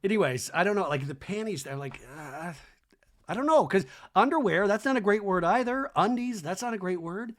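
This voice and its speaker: A man hosting a podcast, recapping a reality show in a rapid, gossipy comedic style. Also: sits high, expressive, a bit bright. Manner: rapid, gossipy, heavy on fillers. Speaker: podcast host.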